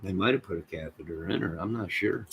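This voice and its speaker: A man hosting a livestream, rambling and joking in a deadpan way as he talks to viewers in chat. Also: sits low, quick pace, vocal fry, heavy background noise. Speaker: livestream host.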